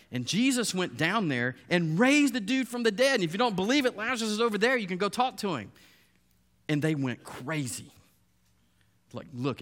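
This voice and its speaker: A man preaching a sermon, retelling the story in a lively, storytelling way and acting out the voices of the people in it. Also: on the high side. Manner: storytelling, animated, acts out quoted voices. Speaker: pastor.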